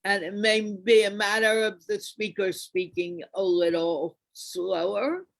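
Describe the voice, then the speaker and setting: A woman moderating a conference panel, posing her questions carefully and deliberately. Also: medium pitch, fairly even intonation, creaky, no room sound, low-quality recording.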